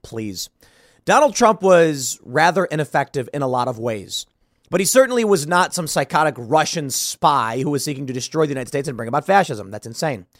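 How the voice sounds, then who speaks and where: A man's voice: on the high side, expressive, fairly quick, no room sound, studio quality. A man hosting a solo political commentary show, sarcastic and combative, firing off rhetorical questions.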